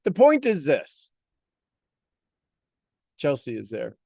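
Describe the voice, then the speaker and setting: A man's voice: on the high side, huge pitch swings, takes it slowly, creaky, darkish tone, no room sound, studio quality. A man giving a motivational monologue on a live stream, preaching with repeated rhetorical questions.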